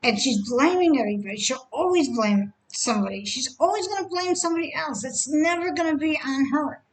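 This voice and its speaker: A woman giving opinionated reaction commentary, often halting and restarting, and stressing that her views are only her own. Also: sits high, animated, low-quality recording.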